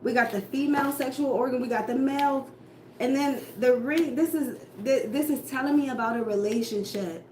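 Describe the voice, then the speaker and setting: Speaking at a normal pace in a high-pitched, dark-toned voice, a tarot reader rants casually about the cards. She's profane and blunt, throwing out rhetorical questions. Faint noise sits under the echoey room.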